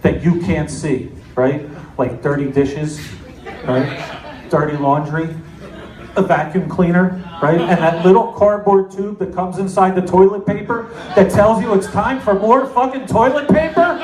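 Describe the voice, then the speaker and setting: A middle-aged man from New Jersey doing a stand-up comedy set with deadpan, self-mocking storytelling. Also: sits high, measured pace, recorded from a distance, a crowd in the background. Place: comedy club stage. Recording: echoey club with audience noise. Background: audience laughter.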